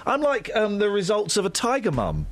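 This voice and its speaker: A man hosting a radio show, joking with his co-hosts and slipping into mimicry. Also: moderate pace. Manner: jokey, mimics voices, lively swings in pitch. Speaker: radio host. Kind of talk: playful studio banter. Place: radio studio.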